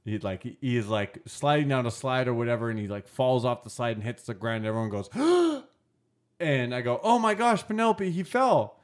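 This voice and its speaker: A young adult man hosting a podcast, telling a story in casual chat, laughing a lot and breaking into loud yells. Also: mid-range voice, fairly even intonation, fast, hardly any pauses, clear, resonant tone. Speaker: podcast host.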